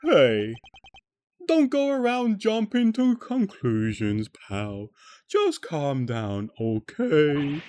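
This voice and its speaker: A man voicing a gruff adult male detective in a game, drawling and calling people pal. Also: a little high, wildly swooping pitch, extremely slow, warm tone, pitched above the performer's own voice, full character voice.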